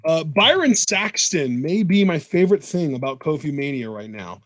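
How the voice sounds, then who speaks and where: A young man co-hosting a casual podcast, teasing his partner and laughing a lot. His pitch swings widely and sits a touch high, and the sound is dry and close. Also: big pitch swings, normal speed, no room sound. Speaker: co-host.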